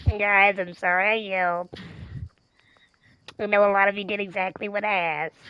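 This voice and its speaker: A woman's voice: medium pitch, clean tone, dry recording. A woman streamer chatting casually, telling a long story in a rambling, emphatic way and swearing freely. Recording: dull lo-fi mic.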